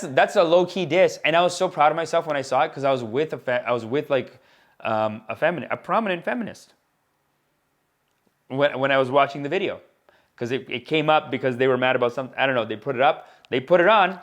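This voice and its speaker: A young man from India riffs through a comedy podcast monologue, looping back on his own lines and tossing in bro slang. His voice sits a little higher than most men's, and his delivery stays loose and animated. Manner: animated, rambling, slangy with repeated asides.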